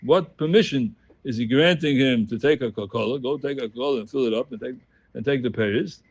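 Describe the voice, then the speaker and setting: Talmud teacher, male, gravelly voice, sing-song chanting of the text, dry close sound. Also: medium pitch, fast, dry recording. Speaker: Talmud study group leader.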